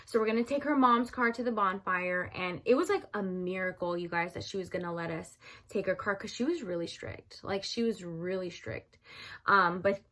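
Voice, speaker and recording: A young woman telling a story casually to her viewers, chatty, calling them "you guys" and loudly acting out what people said. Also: mid-range voice, moderate pace. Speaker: storyteller vlogger.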